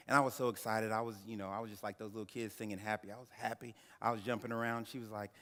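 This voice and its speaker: A man in his thirties giving a keynote speech, telling a personal story with dramatic pauses and talking straight to the audience. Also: mid-range voice, steady tone. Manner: dramatic storyteller who addresses the audience directly. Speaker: keynote speaker. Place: large banquet hall. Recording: echoey banquet hall through a PA.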